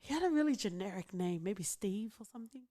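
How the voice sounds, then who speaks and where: A woman's voice: mid-range voice, expressive, a little fast, warm tone. A woman co-hosting a podcast in casual chat, talking with lots of fillers and small laughs. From outside the United States. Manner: chatty, many fillers and giggles. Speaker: podcast co-host.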